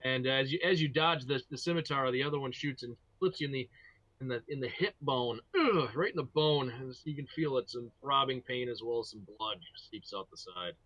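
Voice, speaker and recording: A man narrating as game master of a tabletop game, halting and adding sound effects. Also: mid-range voice, sharp tone, no echo, lo-fi sound.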